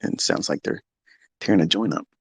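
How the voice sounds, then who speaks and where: A man's voice: low-pitched, fairly quick, creaky, slightly rough, dry recording. Profane, blunt middle-aged man ranting. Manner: profane, blunt, swings into heated yelling. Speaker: trading mentor. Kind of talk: unfiltered live audio-room rant. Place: home basement.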